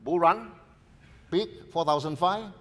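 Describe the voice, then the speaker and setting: A man's voice: on the high side, takes it slowly. A man gives a seminar talk, stressing his points by repeating key phrases. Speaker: seminar speaker. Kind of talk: market presentation with anecdotes. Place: seminar hall. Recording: long reverb in a seminar hall.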